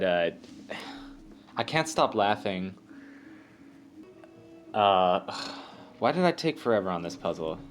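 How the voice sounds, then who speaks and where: Low-ish guy talking slow thru a puzzle game, rambly and self-deprecating, soft game music under him. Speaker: let's play host. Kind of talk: casual gameplay commentary. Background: faint game music.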